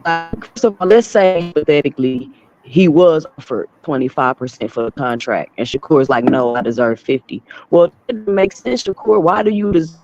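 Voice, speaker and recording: A higher-pitched man calls in to a boxing talk show and talks quickly. His audio is dull and breaks up because of a weak signal on the call. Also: animated, a little mellow, faint music behind. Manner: quick, hurried. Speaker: caller. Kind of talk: casual chat.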